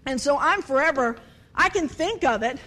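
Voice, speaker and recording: A woman giving a humorous sermon, animated and storytelling, acting out bits of dialogue and laughing often. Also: high-pitched, normal speed. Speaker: speaker at a church service.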